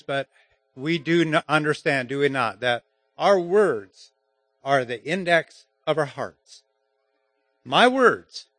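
A man preaching a sermon, speaking haltingly with frequent fillers. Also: a little high, fairly bright tone, no room sound.

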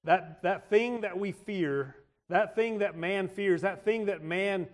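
High-pitched man preaching a halting sermon. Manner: halting, repeats words and restarts often; clears throat often. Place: church service.

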